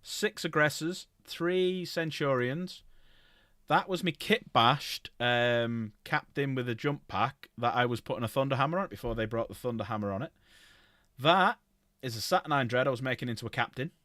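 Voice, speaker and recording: A man in the middle of his pitch range talks casually on a livestream, running through long lists and stopping often to correct himself. The sound is dry and close, with almost no room around his voice. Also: moderate pace, sharp tone, no room sound. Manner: rambling, self-correcting, lists items aloud. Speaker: streamer.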